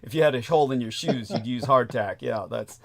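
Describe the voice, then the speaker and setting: A man hosting a talk show in casual chat, animated and stammering, with frequent laughing asides. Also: medium pitch, fairly quick, vocal fry. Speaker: show host.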